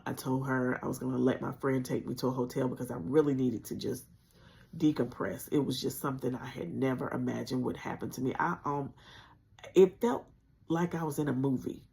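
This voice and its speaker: A woman with a gravelly, fry-tinged voice recounts a frightening chapter of her life to her livestream audience. She speaks earnestly and conversationally, and her words carry strong spiritual conviction. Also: extremely low pitch, mellow. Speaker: channel host sharing a personal story. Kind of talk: emotional personal storytelling on a livestream.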